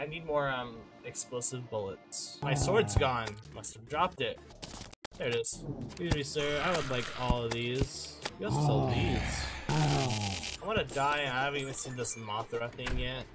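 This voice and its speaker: Young male gamer, rambling self-mocking play-by-play, mid-pitched, game music loud behind. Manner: rambling, self-mocking, swings between mumbling and loud outbursts. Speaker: gaming YouTuber. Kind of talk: casual gameplay commentary.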